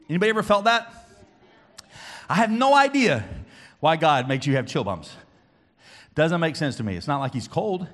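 A man leads a children's church service, his voice swinging widely from high shouts to quiet, earnest talk. The tone is bright and forceful, somewhat high for a man. He plays to a room of kids, teasing and coaxing them. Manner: booming and playful with the kids, dropping to soft and earnest. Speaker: children's pastor. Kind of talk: lively children's church sermon.

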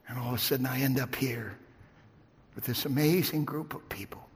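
Gravelly pastor preaching in an echoey hall. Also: male voice, medium pitch, brisk. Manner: storytelling, swings from hushed to fervent shouting. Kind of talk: sermon. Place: church sanctuary.

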